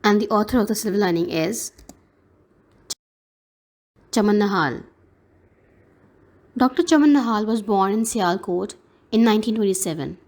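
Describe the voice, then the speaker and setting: A woman with a Pakistani English accent giving a recorded lesson to an eighth-grade class, explaining words slowly and spelling out their pronunciation. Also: medium pitch, darkish tone. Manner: slow, careful teacher's delivery spelling out pronunciations. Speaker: teacher.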